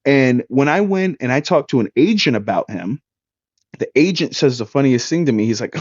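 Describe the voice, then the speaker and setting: A young man in his twenties, co-hosting a podcast and telling a story in a loose, profane, animated way. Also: mid-range voice, brisk, dry recording. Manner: animated, profane, swings his voice up when excited. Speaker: podcast co-host. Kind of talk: casual storytelling. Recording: dull, dry lo-fi sound.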